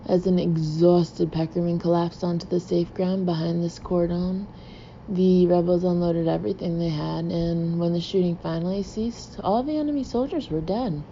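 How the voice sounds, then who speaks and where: A woman's voice: on the low side, little pitch movement, normal speed, warm tone, a little hiss or hum. A woman reading a novel aloud in the first person, with dry, wry storytelling. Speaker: audiobook reader. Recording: muffled lo-fi recording.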